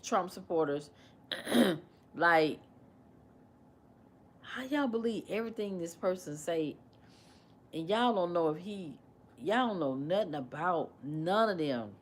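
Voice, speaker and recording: A woman hosting a casual livestream, animated and repetitive as she questions and mimics her commenters. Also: on the low side. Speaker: livestream host.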